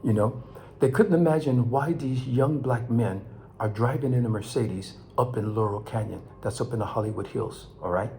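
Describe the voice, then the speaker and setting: An older man from Los Angeles, talking straight to his viewers in an emotional monologue, his voice climbing high when he is angry and sinking low and quiet as he reflects. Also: moderate pace, slight background noise. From Los Angeles, California. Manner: impassioned, rising to near shouts then dropping low. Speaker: vlog host.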